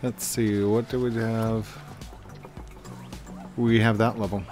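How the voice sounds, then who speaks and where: Playing a game casually, this man chats and talks to himself, often restarting his sentences. His voice is fairly low and somewhat dark, with a flat delivery and a slow pace. Game music plays in the background.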